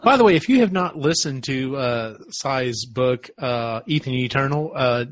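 A man co-hosting a podcast in relaxed casual chat, hesitant with many fillers. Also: mid-range voice, measured pace.

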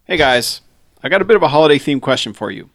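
A man's voice: on the high side, expressive, quick pace, no echo, studio quality. A man co-hosting a podcast, reading a listener's letter and chatting casually with friends. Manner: reads listener mail, chatty and laughing. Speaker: podcast co-host. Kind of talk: casual chat.

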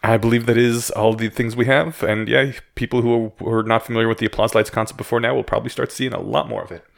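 A man's voice: medium pitch, steady tone, fast, gravelly. A man co-hosting a podcast in casual chat, speaking in a dry, matter-of-fact way. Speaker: podcast co-host.

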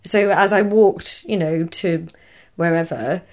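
A woman's voice: fairly low pitch, steady tone, takes it slowly. Laughing young Englishwoman, trailing off. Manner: laughs often, trails off mid-sentence. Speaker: guest. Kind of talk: casual conversation.

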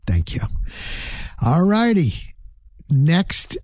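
A middle-aged man hosting his own podcast, chatting bluntly and rambling through a solo wrap-up. His voice is mellow and dark, sitting at an everyday pitch. The recording is dry and close, with no room around it. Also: huge pitch swings, extremely slow, no echo. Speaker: podcast host. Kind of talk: casual solo outro monologue.

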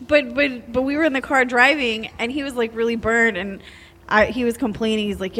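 A woman's voice: on the high side, steady tone, a little fast, bright, forceful tone. A woman chatting casually and teasing a friend. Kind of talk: casual chat.

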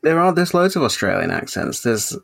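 A man's voice: on the high side, sing-song, a little fast, gravelly, fairly bright tone. A man chatting on a podcast in a playful, joking way. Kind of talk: casual podcast chat.

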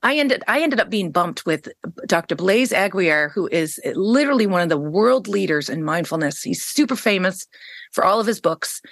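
Animated woman telling a story. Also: normal speed, gravelly, no room sound, clean studio sound. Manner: animated storyteller, acts out quoted lines in a raised pitch; frequent fillers and restarts. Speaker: podcast guest, educator. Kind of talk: casual storytelling interview.

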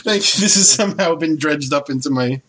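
Bright-voiced man telling stories. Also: on the high side, fairly quick, rough recording. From Toronto area, Canada. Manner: rambling storyteller, laughs often. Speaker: podcast host. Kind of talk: casual podcast chat.

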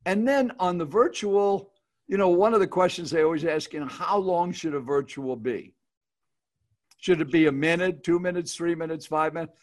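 A man's voice: fairly high pitch, moderate pace. A man giving casual, upbeat speaking advice on a video call, repeating his key points as he teaches. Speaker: speaking coach guest.

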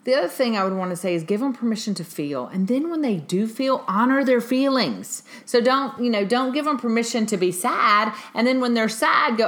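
A woman's voice: a little high, lively intonation, normal speed, few pauses, a bit bright. A woman hosting a podcast, giving parenting advice in casual talk, earnest and emphatic, often repeating her points. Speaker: podcast host.

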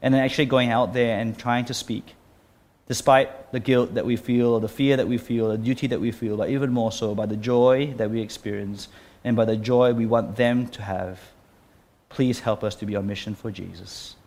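A man's voice: medium pitch, fairly even intonation, darkish tone. Earnest man preaching, then praying. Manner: earnest, pausing and restarting phrases. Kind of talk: sermon and closing prayer.

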